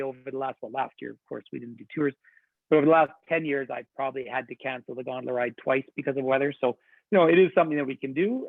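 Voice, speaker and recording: A man's voice: mid-range voice, vocal fry, dry recording. A man working as a tour director, giving an enthusiastic, chatty webinar presentation. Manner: chatty, enthusiastic storytelling with laughs. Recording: tinny phone-like line, dry.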